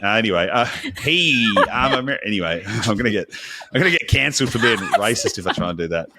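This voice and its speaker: A man co-hosting a podcast in a casual, blunt, animated way, swearing freely. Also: lowish voice, fast talker. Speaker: podcast co-host.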